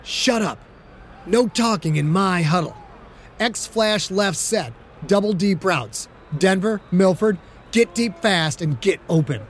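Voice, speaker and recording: A man's voice: sits high, expressive, takes it slowly, a little hiss or hum, voice pushed up. A man playing a fierce hot-headed quarterback. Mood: curt. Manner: barking curt orders. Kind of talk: audiobook character voice.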